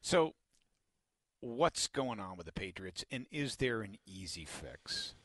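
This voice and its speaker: A man's voice: on the low side, sing-song, takes it slowly, fairly bright tone, husky, no room sound. A man hosting a sports talk radio show, upbeat and punchy as he runs the segment. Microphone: studio broadcast mic.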